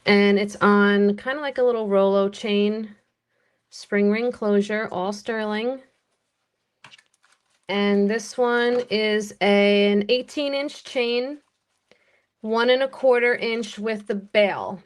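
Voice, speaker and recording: A woman with an American accent running a live-stream jewelry auction, chatty and unhurried as she calls bids and describes each piece. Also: mid-range voice, fairly even intonation, clear, resonant tone.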